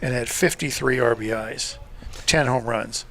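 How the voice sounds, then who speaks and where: A man, a former coach, giving relaxed color commentary on radio, telling stories and chuckling often. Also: mid-range voice, a little slow, gravelly, soft background music. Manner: chatty storyteller, chuckles often.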